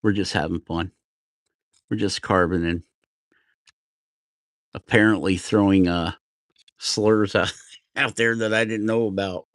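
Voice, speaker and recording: This woodcarving livestream host, a middle-aged New Jerseyan, has a deep, steady, fairly bright voice and speaks unhurriedly with long pauses. He chats loosely while carving, rambling across topics and laughing self-deprecatingly. The mic captures him close and dry, with no room sound.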